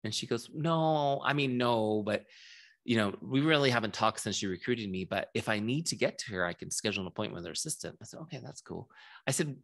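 A man with a fairly low voice teaches a group in a relaxed, conversational way. He keeps checking in with his listeners and tosses them questions as he goes. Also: fairly quick. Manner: casual, chatty, asks audience questions. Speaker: software founder and trainer. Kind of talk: live training talk to a group.

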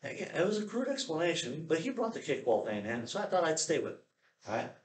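A man's voice: fairly high pitch, big pitch swings, fast talker, low-quality recording. A man preaching a sermon in a conversational way, often checking in with his listeners and acting out prayers in a raised, pleading voice. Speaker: pastor.

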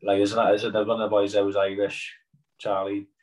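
Fast-talking Welsh man, low voice. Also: rough recording. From Wales. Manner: fast, animated storytelling with swearing. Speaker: guest rugby player. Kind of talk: casual podcast chat.

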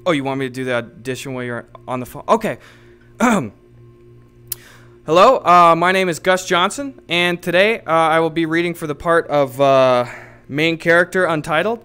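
A man improvising a comedic role-play in a rambling, halting manner, his speech full of fillers and restarts. His voice sits a little high and sounds bright and smooth. He is streaming from a home setup. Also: faint music behind. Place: home streaming setup, playing in virtual reality.

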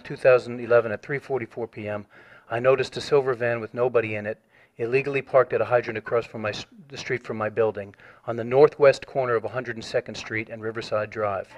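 Formal man reading a complaint. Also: medium pitch. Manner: measured, formal, reads a written statement. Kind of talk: recorded phone call.

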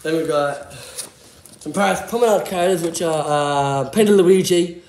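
Casual vlogger, man, excitable and giggly, a bit high-voiced, recorded in an echoey room. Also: moderate pace. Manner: excitable, giggly, jumps between topics. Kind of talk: casual rambling commentary.

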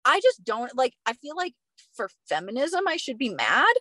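A woman guest on a podcast, telling a story in a casual, animated way with plenty of swearing. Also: high voice, moderate pace, no echo. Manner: animated and expressive, swears freely. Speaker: guest, professional runner.

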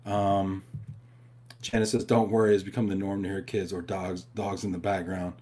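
A man's voice: low-pitched, level tone, normal speed, dark tone. A man hosting a live stream from home, chatting casually and reading viewer questions, upbeat and talking straight to his audience. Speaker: host of a live show.

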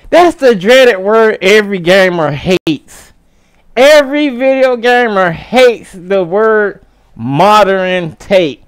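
A gaming vlogger rants about their hobby in a smooth, clean voice, unhurried and drawn out. The talk is slangy and animated, with sudden jumps into high exclamations. It is recorded dry and close, with no room sound. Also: dry recording. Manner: slangy and casual. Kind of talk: casual ranting commentary.

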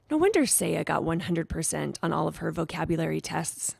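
Woman reader for a kids' chapter book, lowish voice, gentle and expressive. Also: brisk, vocal fry, hardly any pauses, no room sound, studio quality. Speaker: storybook reader. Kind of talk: reading a children's chapter book aloud.

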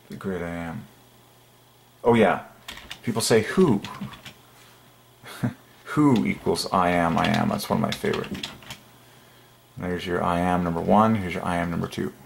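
A man with a very deep, heavily gravelly voice delivers an excited religious monologue straight to his viewers. He talks emphatically and keeps breaking into little chuckles. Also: slight background noise. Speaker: channel host. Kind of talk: casual religious monologue to camera.

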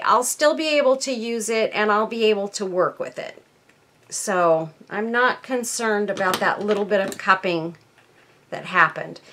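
A woman's voice: mid-range voice, bright, forceful tone. A woman hosting a casual crafting tutorial at her workbench, chatting to viewers and thinking aloud as she works. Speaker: crafting channel host.

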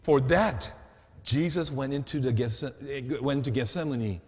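A man preaching a sermon, swinging between loud and hushed and checking in with his listeners through rhetorical questions. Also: medium pitch, a little slow. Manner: asks the audience rhetorical questions. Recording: long hall reverb.

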